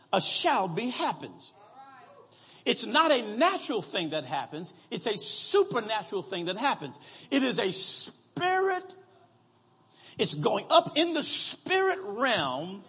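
High, husky-voiced preacher in a hall. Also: male voice, sing-song, bright, forceful tone. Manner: reads scripture slowly, calls out to the congregation. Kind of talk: sermon.

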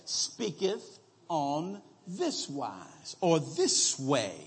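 A man preaching a sermon, slowly reading scripture aloud and calling out to his congregation for answers. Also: a little high, breathy edge, long reverb tail.

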